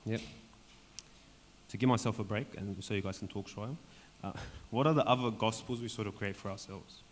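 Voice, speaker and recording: A man leading a Bible study for a group in a church hall, talking conversationally and often checking in with "right?", his voice going hoarse. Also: on the low side, fairly even intonation, normal speed. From Australia. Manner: conversational, keeps asking "right?". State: voice going hoarse, clearing throat. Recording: long hall reverb, faint background noise.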